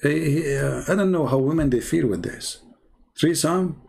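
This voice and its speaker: Husky, sarcastic male debater. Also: fairly high pitch, unhurried. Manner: sarcastic, animated and incredulous; non-native English with slips. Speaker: religious debater. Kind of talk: mocking commentary monologue.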